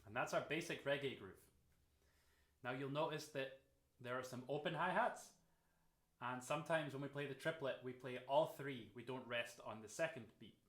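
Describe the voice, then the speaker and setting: A drum teacher talks through a rhythm at a steady pace and counts the beats out loud. His voice sits in the middle range for a man. The room gives it a noticeable echo. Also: mid-range voice, moderate pace. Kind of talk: instructional explanation. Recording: roomy echo.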